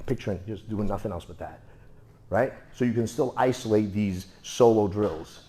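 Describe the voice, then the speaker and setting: A man's voice: lowish voice, moderate pace, mellow. A man teaching martial arts. He coaches students through drills with repeated, emphatic cues and counts out the moves.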